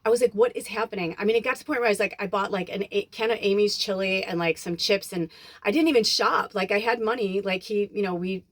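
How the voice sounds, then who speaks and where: A woman's voice: mid-range voice, fast. A woman vlogging into her phone, a spiritual medium telling a long story in casual chat, swearing freely and acting out the dialogue. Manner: chatty, swears freely, acts out quoted dialogue.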